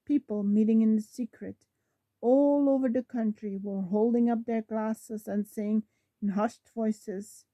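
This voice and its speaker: A woman reading a novel aloud, slowly, often stumbling over words and correcting herself. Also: a little high, steady tone, mellow, no echo. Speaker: reader.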